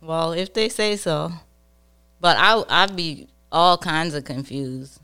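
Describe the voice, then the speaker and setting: A woman's voice: low-pitched, slow pace, sharp tone, clean tone. A young woman co-hosting a casual podcast, telling stories with lots of giggling and animation. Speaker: podcast co-host.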